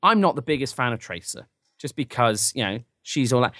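A man's voice: mid-range voice, animated, fairly quick, fairly bright tone, no echo. An English man co-hosting a podcast, chatting casually with dry, ironic humor. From England. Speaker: podcast co-host.

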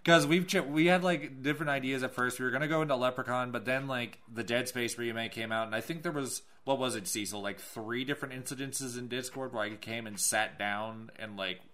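A man hosting a casual podcast, loose and relaxed, with the odd swear. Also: medium pitch, a little fast, few pauses. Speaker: podcast host.

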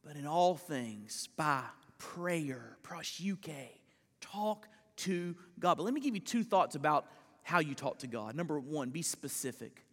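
A male pastor preaching a sermon, swinging between loud emphatic lines and hushed slow ones, often repeating words as he starts a phrase. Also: fairly high pitch, big pitch swings, big-room sound. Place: church sanctuary.

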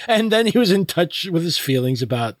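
A man's voice: high voice, normal speed, no echo, clean studio sound. A man co-hosting a podcast in casual chat, making wry comments with many fillers and restarts. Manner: wry, lots of hesitation fillers, lively commentary. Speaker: podcast co-host.

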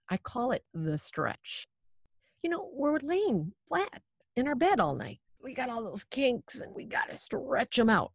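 A woman's voice: medium pitch, slightly rough, no room sound. Woman yoga teacher, chatty and encouraging, talks right to you, dry close sound. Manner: encouraging, chatty, addresses listener directly. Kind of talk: instructional wellness talk.

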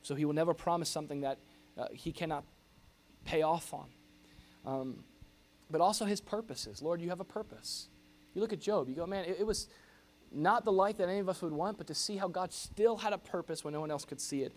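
A middle-aged pastor preaching a sermon in an animated, jokey way, acting out grumbling noises. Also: male voice, a little high, a little fast.

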